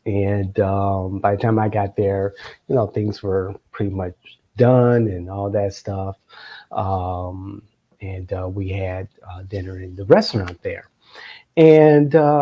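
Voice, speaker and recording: A middle-aged man spins a long personal anecdote as a show host. His talk wanders, full of pauses and small chuckles, in a somewhat low voice. The sound is dull and a little lo-fi. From Florida, United States. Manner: meandering, many filler sounds, chuckling asides. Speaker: political consultant and show host. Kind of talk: anecdotal storytelling to camera.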